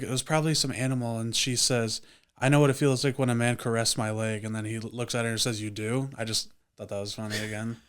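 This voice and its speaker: A man's voice: mid-range voice, a bit bright, clear, resonant tone. A man co-hosting a casual movie review chat, talking in a laid-back way. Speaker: podcast co-host.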